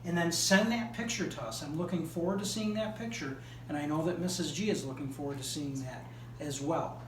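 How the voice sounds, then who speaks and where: A man's voice: fairly high pitch, fairly quick. A man teacher giving step-by-step assignment instructions to a class. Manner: clear, step-by-step explaining. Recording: echoey room from far off, faint hum.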